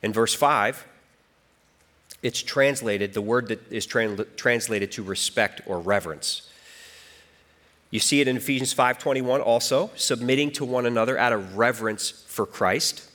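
Animated male preacher giving a sermon. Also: mid-range voice, a little slow. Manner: animated storytelling, voice rising and falling for emphasis. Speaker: pastor.

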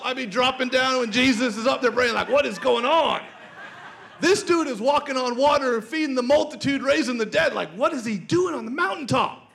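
High-voiced man preaching an animated sermon. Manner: animated, often laughing, calls out to the congregation. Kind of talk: sermon with personal storytelling.

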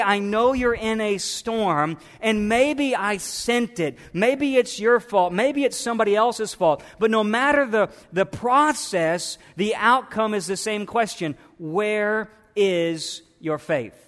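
Male pastor, high voice, preaching with fervent rhetorical questions, reverberant hall sound. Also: a bit bright. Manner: impassioned, repetitive, many rhetorical questions and restarts. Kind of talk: sermon.

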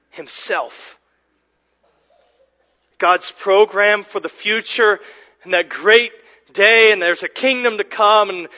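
A man's voice: sits high, highs cut off. A man preaching a sermon as pastor, earnest and emphatic, often restarting and repeating words.

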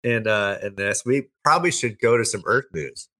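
A man's voice: on the low side, expressive, normal speed, sharp tone. A man co-hosting a casual Christian end-times chat, rambling and restarting his sentences. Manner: rambling, with many restarts and fillers.

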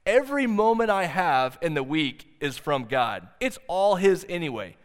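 A man preaches earnestly from the pulpit, his voice sitting a little high for a man. He leans on key phrases by slowing right down. The sound trails off into the long reverb of a large hall. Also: big pitch swings. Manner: earnest preaching, slows for emphasis. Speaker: pastor. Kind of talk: sermon.

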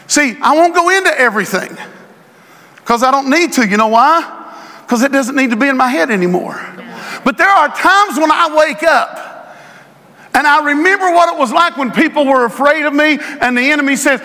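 A middle-aged male pastor preaching to his congregation, drawing out phrases for emphasis and rising to shouts. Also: very high-pitched, moderate pace, a faint crowd. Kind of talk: sermon. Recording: long hall reverb.

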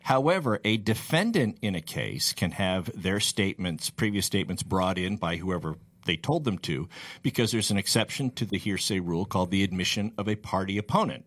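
Animated man explaining legal points. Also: on the low side. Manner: explains patiently, acts out hypothetical people. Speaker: legal commentator. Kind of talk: casual explanatory talk.

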